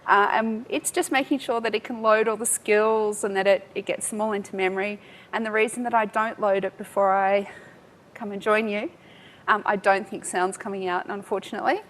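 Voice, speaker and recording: A woman giving a live software demo at a tech talk, chatty and self-mocking, laughing often. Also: medium pitch, fairly even intonation, brisk. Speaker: tech speaker.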